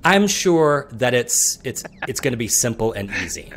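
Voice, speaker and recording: A man running a tabletop game as dungeon master, narrating scenes slowly and descriptively, with some restarts. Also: mid-range voice, very animated, a bit bright, slight background noise.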